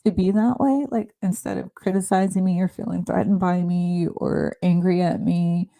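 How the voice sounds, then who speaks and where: A middle-aged woman talking earnestly in a casual, heartfelt conversation, often halting and restarting. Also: on the low side, fairly even intonation, gravelly, dark tone. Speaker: podcast host.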